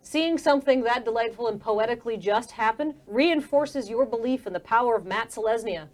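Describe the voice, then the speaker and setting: Female GM, wry narrator, slightly high voice. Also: a little fast. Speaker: game master. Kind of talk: narrating a tabletop game.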